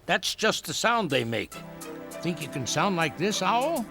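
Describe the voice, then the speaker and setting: A man playing a cheerful elderly woodsman on a children's nature show, gently teaching bird calls. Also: high voice, big pitch swings, vocal fry, full character voice. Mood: playful. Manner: slow, gentle, playful teaching. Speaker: woodland nature guide. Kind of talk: children's TV acting. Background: background music.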